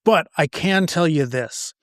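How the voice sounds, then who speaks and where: A man's voice: on the high side, unhurried, no echo. A man co-hosting a casual chat, dry and skeptical, teasing his partner. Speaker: podcast co-host.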